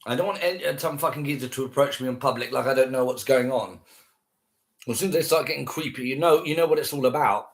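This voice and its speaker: A man's voice: medium pitch, quick pace. A man ranting casually to camera, scornful and heavily profane, repeating himself.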